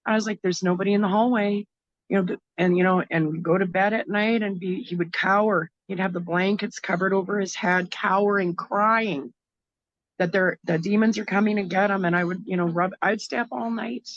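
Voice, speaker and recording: A Canadian woman, a guest in an interview, recounts a difficult personal story frankly but haltingly, with many fillers and restarts. Her mid-range voice keeps a steady tone, and the audio is lo-fi.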